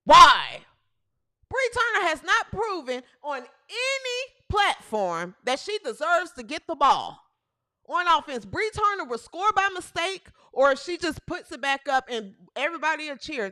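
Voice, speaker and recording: A woman hosting a sports talk show delivers an emphatic rant, circling back to the same phrases again and again. Her voice sits very high and bright, with a lively, swooping pitch. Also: normal speed. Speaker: host.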